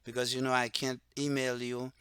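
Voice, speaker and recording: Man with Patois roots, self-styled religious leader, off-the-cuff monologue; smooth, dry close-mic sound. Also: mid-range voice, completely flat delivery, fairly bright tone, dry recording. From Dominica. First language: Antillean Creole (Patois). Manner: rambling, repeats "okay?" and "right?", turns heated and slower when stressing points. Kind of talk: unscripted monologue to camera.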